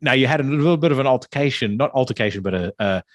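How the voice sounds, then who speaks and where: A man's voice: mid-range voice, expressive, rapid-fire, dry recording, studio quality. A man hosting a podcast, chatting casually, swearing freely and tripping over repeated words. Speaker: podcast host.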